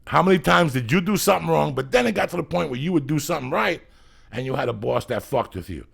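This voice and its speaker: A man's voice: on the high side, quick pace, vocal fry, breathy edge. A middle-aged man hosting a podcast, telling profane stories in casual chat. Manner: profane, animated storyteller. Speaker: podcast host.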